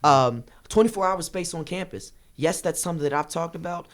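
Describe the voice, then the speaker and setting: A young man running for student government, answering a debate question in an impassioned, fast-rushing way, repeating phrases for emphasis. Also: fairly high pitch. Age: young adult. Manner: rapid, rushing delivery.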